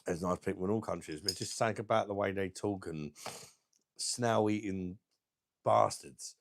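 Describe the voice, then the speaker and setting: A man hosting a live stream, chatting casually and bluntly with viewers, crude and quick to laugh at his own jokes. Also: low-pitched, no room sound. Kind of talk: casual live chat reading viewer comments.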